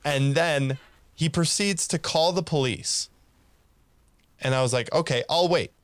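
A man's voice: on the high side, a little slow, clear, resonant tone, no room sound. Dry-sounding man telling a story. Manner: animated, laughs while telling, acts out quoted lines. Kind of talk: casual storytelling.

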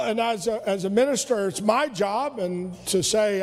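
High-voiced man preaching in a reverberant hall. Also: unhurried. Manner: emphatic, repeats words, rhetorical questions. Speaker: minister. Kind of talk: preaching a sermon.

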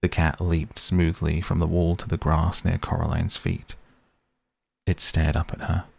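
A man reading a storybook aloud as narrator, in a slow, measured way. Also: sits low, flat delivery, vocal fry, darkish tone. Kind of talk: audiobook reading.

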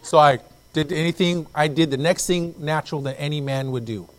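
A man preaching a sermon as pastor, telling stories with lively acted-out voices and repeating phrases as he goes. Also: a little high, brisk, slight background noise, poor audio. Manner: animated storytelling, acts out quoted voices. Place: church.

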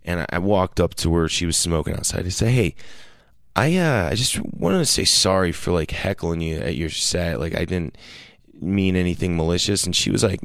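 A man's voice: low voice, animated, normal speed, creaky, no echo, clean studio sound. A man telling a long casual story, rambling with many fillers and restarts and quoting people in raised voices.

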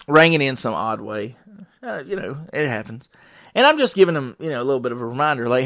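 A middle-aged man telling casual stories as a podcast host, animated and jokey, often laughing through what he says. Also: medium pitch, fast, dry recording. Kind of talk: casual storytelling monologue.

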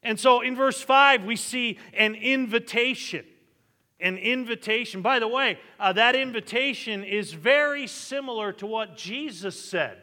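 A man's voice: very high-pitched, unhurried, sharp tone, big-room sound. A male pastor preaching a sermon, reading scripture aloud and punctuating points with "amen.". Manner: emphatic preaching with frequent amens and scripture reading. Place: church sanctuary.

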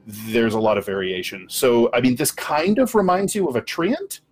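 A man narrating as game master of a tabletop game, describing scenes slowly with pauses and fillers. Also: medium pitch, animated. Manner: slow, descriptive, hesitant with fillers.

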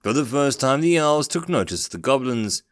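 A man narrating a fantasy story aloud, expressive in his storytelling. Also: mid-range voice, normal speed, dry recording, clean studio sound.

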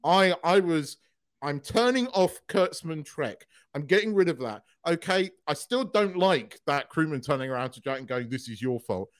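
A man co-hosting a podcast in casual chat, excitable, swearing freely and laughing often. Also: on the high side, moderate pace, no room sound, clean studio sound. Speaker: podcast co-host.

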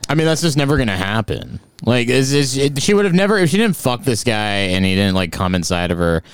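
A man in casual podcast banter, scolding a friend in a mock-stern, profane way. His pitch swings widely as he talks. The room sounds dry and close. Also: sing-song, brisk, clear, resonant tone, no echo. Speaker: podcast co-host.

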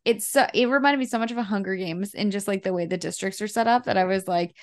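A woman's voice: medium pitch, fast talker. Easygoing woman podcaster. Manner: easygoing, hedging, many "like" fillers. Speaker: podcast co-host. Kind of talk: casual movie-review chat.

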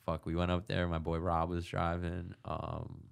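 A young man with a very deep, low-pitched voice spins a loose story in casual conversation. He rambles, swears freely and keeps saying "like" and "man". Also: completely flat delivery, a little slow, creaky, smooth. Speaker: guest telling a story. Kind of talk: casual podcast chat.

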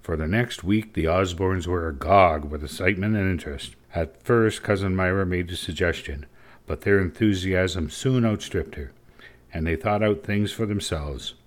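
Brief: low-voiced man reading a storybook, measured and steady. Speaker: narrator. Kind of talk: audiobook story narration.

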